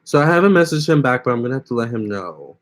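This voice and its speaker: A man's voice: mid-range voice, sing-song, fast. A young man hosting a casual phone livestream, chatting with viewers and reading their comments aloud. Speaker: livestream host.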